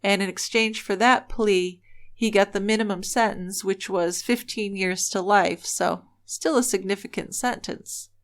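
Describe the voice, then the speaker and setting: A woman's voice: mid-range voice, fairly even intonation, unhurried. A woman co-hosting a true-crime podcast, telling the case in an earnest, opinionated way. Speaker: podcast co-host. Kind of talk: casual true-crime storytelling.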